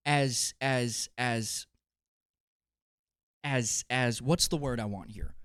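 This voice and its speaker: A young man streaming, ranting casually and profanely to his chat, swinging from low muttering to loud exasperated outbursts. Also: no echo, clean studio sound.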